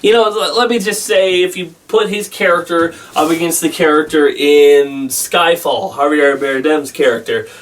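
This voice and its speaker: A man giving a casual spoken film review, rambling and halting with many restarts and fillers. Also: on the high side, steady tone, far from the mic. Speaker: movie reviewer.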